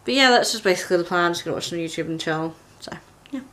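A young English woman in her twenties talks softly into a compact camera at home, in a slightly low voice. She rambles casually, full of fillers, with a faint hush of room noise behind her. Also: animated, racing. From England. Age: 20s. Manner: soft-spoken and rambling, with many fillers. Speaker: vlogger. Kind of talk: casual vlog chat. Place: at home, indoors. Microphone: handheld compact camera.

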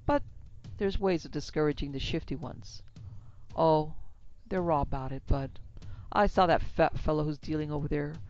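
A man's voice: fairly high pitch, normal speed, a little mellow, clear, resonant tone, lo-fi sound, close to an everyday voice. A man voicing a terse, tough gambler. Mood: cool. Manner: dry, terse and wary. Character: tough cool-headed male gambler.

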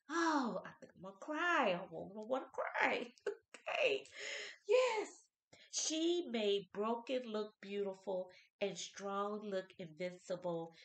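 A woman in her fifties reads uplifting quotes aloud and reacts to each one in an expressive, churchy way. Her voice sits at a middle pitch. The room around her is echoey. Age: 50s. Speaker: vlogger. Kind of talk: inspirational birthday vlog, reading quotes.

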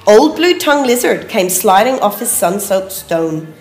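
Lively woman reading a picture book. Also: medium pitch, a little slow, faint music behind. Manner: lively and expressive, adds asides for children. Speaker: preschool teacher. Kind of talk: storybook read-aloud. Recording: echoey room.

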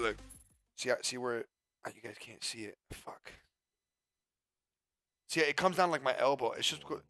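A young male streamer with a fairly high voice chats casually and excitedly with his livestream audience. He swears often and keeps breaking off to talk to people in the room with him.

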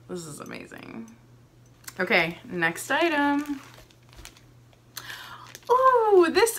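A woman's voice: sits high, a bit bright. A young woman vlogger unboxing a subscription box, gushing and gasping with delight over each item. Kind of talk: excited unboxing chat.

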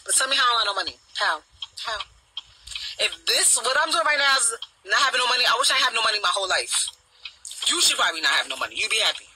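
A middle-aged woman with a deep voice, ranting bluntly and profanely on a talk show panel, firing off mocking repeated questions. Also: pushed and bright, slight background noise, rough recording. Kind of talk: casual chat, ranting.

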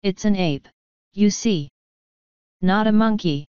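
A woman's voice: medium pitch, slow pace, warm tone, clean tone, no echo, highs cut off, close to an everyday voice. A woman doing a meek little wizard. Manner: meek and hesitant. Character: meek timid small male wizard.

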